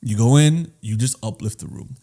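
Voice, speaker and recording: A man co-hosting a casual comedy podcast, teasing his friend with quick, swearing jokes. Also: medium pitch, expressive, gravelly, mellow. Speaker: podcast co-host.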